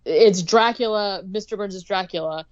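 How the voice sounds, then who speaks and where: A woman's voice: mid-range voice, moderate pace. Chatty woman podcaster, slightly dull sound. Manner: chatty, leans heavily on "like" and "um". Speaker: podcast co-host. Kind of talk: casual chat recapping a cartoon episode.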